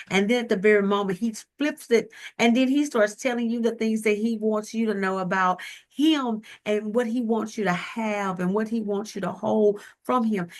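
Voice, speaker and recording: A woman with a Southern US accent giving a slow, emotive devotional talk about a hymn, often calling out to her listeners. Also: medium pitch. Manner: slow, tender, emotive delivery addressing listeners as y'all. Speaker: ministry speaker and recording artist.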